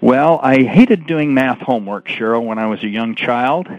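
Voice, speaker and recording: Animated male storyteller on the radio. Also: mid-range voice, normal speed. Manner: animated storyteller acting out quoted voices. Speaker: guest author and coach. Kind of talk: storytelling interview answers. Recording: muffled radio broadcast.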